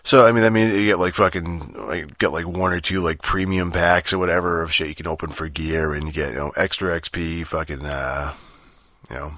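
A man's voice: low voice, fairly even intonation, fairly quick, fairly bright tone, dry recording, clean studio sound. A young man rambling through a casual, profane gaming rant, full of fillers and restarts. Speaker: gamer vlogger.

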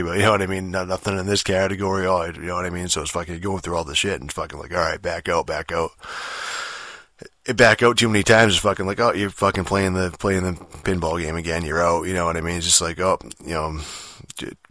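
Low-voiced guy ranting about a game, swears nonstop, bright edgy tone, dry close sound. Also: no echo. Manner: rambling, heavy swearing, many fillers. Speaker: game reviewer. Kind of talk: casual rant.

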